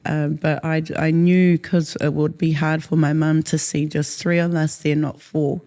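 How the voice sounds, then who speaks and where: A woman's voice: deep voice, little pitch movement, unhurried, warm tone. A woman, a guest in a casual interview, talking in a rambling way with many fillers and Māori words mixed in. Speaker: interview guest, haka performer.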